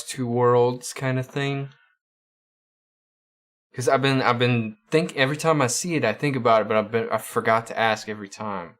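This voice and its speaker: A man's voice: mid-range voice, fairly bright tone, clear, resonant tone. Guy hosting a stream, chill chatty talk, keeps tripping over his words and repeating. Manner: halting, often repeats words. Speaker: livestream host. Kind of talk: casual chat with viewers.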